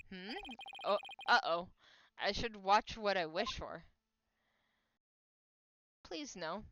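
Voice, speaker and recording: Slow-talking woman streaming a game. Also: mid-range voice, fairly bright tone, lo-fi sound. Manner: reads the game aloud slowly with asides. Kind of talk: game playthrough commentary. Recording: game music playing behind.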